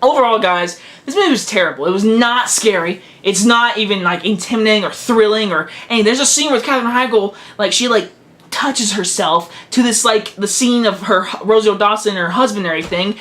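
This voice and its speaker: A man's voice: sits high, a little fast, pushed and bright. A teenage boy giving a casual video movie review, blunt and emphatic, hammering his verdicts home again and again. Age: teens.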